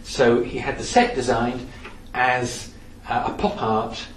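A man giving a lively, anecdotal talk in a lecture-style storytelling manner. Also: mid-range voice, slow. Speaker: speaker on theatre history. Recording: echoey room from some distance, faint background noise.

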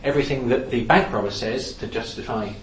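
A man giving a lively, anecdotal talk in a lecture-style storytelling manner. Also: mid-range voice, brisk. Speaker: speaker on theatre history. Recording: echoey room from some distance, faint background noise.

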